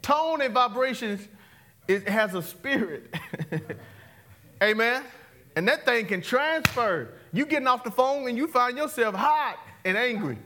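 A male pastor, preaching an interactive, call-and-response sermon that swings from loud to hushed, laughing often. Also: sits high.

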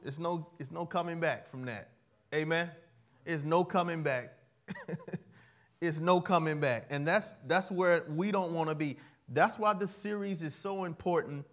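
Male pastor, bright high register, playful call-and-response preacher who swings between quiet asides and punchy declarations. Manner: playful, laughs at his own jokes. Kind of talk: sermon.

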